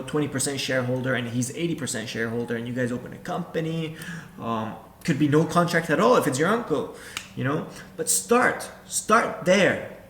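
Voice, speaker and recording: A man's voice: mid-range voice, a bit bright, a little hiss or hum. Direct-talking man in an echoey room. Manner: direct, repetitive, addresses viewer as you. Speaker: real estate investor and coach. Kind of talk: instructional talk to camera. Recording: echoey room with faint background ambience.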